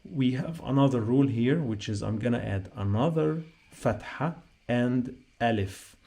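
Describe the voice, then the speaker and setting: Teaching Arabic writing, a male instructor talks slowly, saying each sound again patiently and spelling it aloud while he writes. His mid-range voice is mellow with a gravelly texture.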